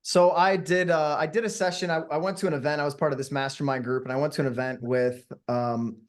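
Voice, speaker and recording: A man, a hypnotist and workshop leader, teaching and then guiding a meditation, speaking slowly and soothingly and asking the audience questions. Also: a little high, fairly even intonation.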